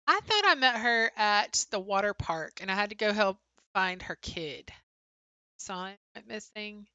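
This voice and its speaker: A woman's voice: medium pitch, expressive, measured pace, pushed and bright, no echo, muffled recording. A young woman co-hosting a livestream, casually chatting and answering viewers' comments with frequent "um" fillers. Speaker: livestream co-host.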